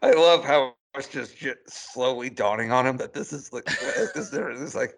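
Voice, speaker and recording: Gravelly-voiced casual man. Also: mid-range voice, fairly bright tone. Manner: halting, restarts phrases, chuckles. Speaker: podcast co-host. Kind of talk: casual chat.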